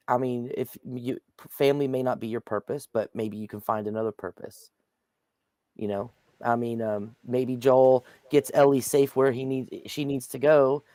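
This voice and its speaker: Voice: mid-range voice, a little mellow, no echo. A co-host in a casual discussion show, speaking reflectively and often hedging with "you know". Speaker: podcast co-host.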